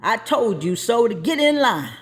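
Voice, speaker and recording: Stern, impatient teacher woman, snapping commands, high voice, a woman acting her out. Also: big pitch swings, normal speed.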